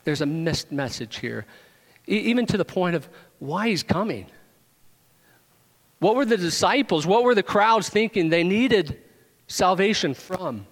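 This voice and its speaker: Man, pastor, sermon, animated, emphatic questions, higher-pitched voice, long hall reverb. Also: measured pace. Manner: animated, rising to emphatic questions, joking with the congregation.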